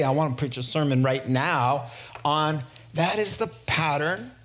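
A male pastor preaching a sermon, a lively storyteller who often chuckles and swings between quick asides and slow, weighty phrases. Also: fairly high pitch.

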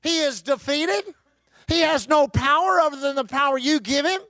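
An emphatic preacher delivering a sermon and urging his congregation to respond. His voice is unusually high for a man. It is recorded close and dry, with no echo. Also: moderate pace, pushed and bright.

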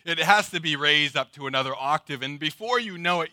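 A middle-aged man preaching a sermon, dramatic and swinging between loud emphasis and hushed, drawn-out words. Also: a little high, no echo, studio quality. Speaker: pastor.

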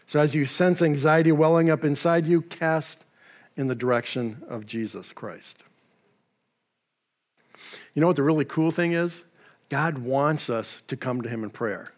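A male pastor delivering a sermon with a somewhat high-pitched voice. He talks in a relaxed, conversational way, dropping in casual asides. His delivery stays friendly and unhurried. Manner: conversational, with asides and paraphrased dialogue.

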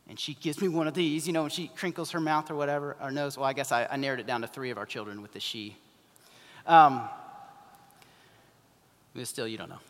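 A man's voice: mid-range voice, fairly even intonation, fairly quick, pauses often. A man in his thirties preaching a sermon in a conversational way, often slipping into quoted voices. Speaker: pastor. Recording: long hall reverb.

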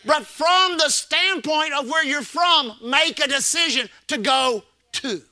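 A man's voice: very high-pitched, takes it slowly, bright, forceful tone. A man preaching a sermon as pastor, repeating phrases and calling the congregation to respond. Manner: preaching with call-and-response and repetition.

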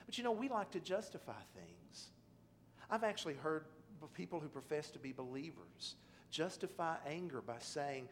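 A middle-aged man preaching a sermon, telling a personal story that drops quiet and low, then rises to loud, emphatic pleading. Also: sing-song, a little fast, slight background noise. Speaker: pastor.

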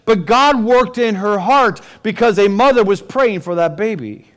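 A man preaching a sermon, retelling a scripture story with dramatic, animated storytelling. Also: high-pitched, normal speed. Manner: dramatic, storytelling, with rising and falling intensity. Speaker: pastor.

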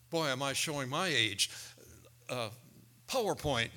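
Bright-voiced male preacher telling stories. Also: medium pitch, normal speed, long pauses. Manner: animated storytelling with quoted voices. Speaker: pastor. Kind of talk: sermon.

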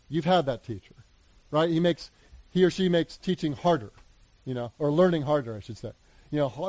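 Male pastor with a high voice, preaching earnestly, dry close sound. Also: no room sound. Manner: earnest preaching, swings between loud appeals and hushed asides. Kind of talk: sermon.

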